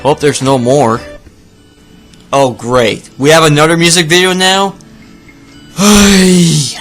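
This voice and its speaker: A man's voice: a little high, steady tone, slow pace, fairly bright tone, faint music behind. A man giving sarcastic, profane reaction commentary on a video, ranting at what he sees. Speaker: video reviewer.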